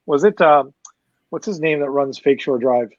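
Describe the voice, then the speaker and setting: A Canadian man with a fairly high voice telling a long story in a casual podcast chat, animated and loose, slipping into the voices of the people he quotes. The sound is dry and a little muffled. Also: normal speed, dry recording. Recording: slightly muffled dry recording.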